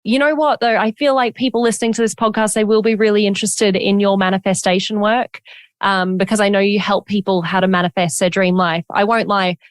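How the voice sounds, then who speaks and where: A woman's voice: medium pitch, fairly even intonation, fairly quick, clear, resonant tone, no echo, clean studio sound. A woman hosting a podcast, chatty and personal, who affirms her guest often and shares her own stories. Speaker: podcast host. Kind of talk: casual interview chat.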